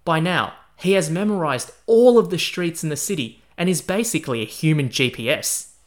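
A man's voice: a little high, expressive, normal speed. A man hosting a history podcast, telling a first-person story in a chatty, casual way. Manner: chatty, casual, uses slang. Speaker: podcast host.

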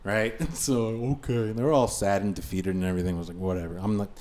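A man's voice: on the low side, quick pace. A man on a podcast, a musician telling a road story in casual chat, swearing freely and piling on fillers. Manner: profane, animated anecdote-telling with many fillers.

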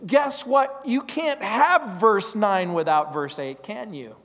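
High-voiced pastor preaching in a reverberant hall. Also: male voice, very animated, slow, fairly bright tone. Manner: emphatic, builds repeated phrases and rhetorical questions. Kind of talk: verse-by-verse sermon.

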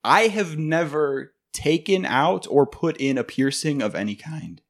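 A man's voice: a little high, a little slow. A man telling a story in a casual podcast chat, profane and laughing as he goes. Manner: animated, profane, laughs through his story.

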